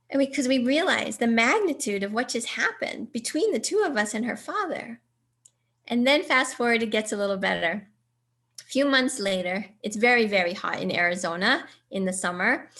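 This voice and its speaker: A middle-aged woman giving a personal storytelling talk, acting out quoted dialogue with lively jumps in her voice. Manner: animated, acts out quoted dialogue with pitch jumps. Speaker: speaker.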